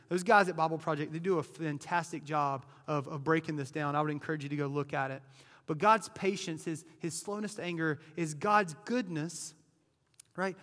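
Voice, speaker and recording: A man's voice: high-pitched, big-room sound. A man preaching a sermon as pastor, talking casually, often restarting words and checking in with "right?". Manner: conversational, repeats words, frequent "right?".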